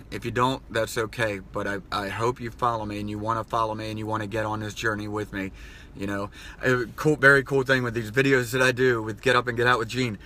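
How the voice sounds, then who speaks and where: A man's voice: fairly low pitch, pushed and bright. A man talking in an earnest, rambling personal vlog, choked up at times as he speaks. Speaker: vlogger.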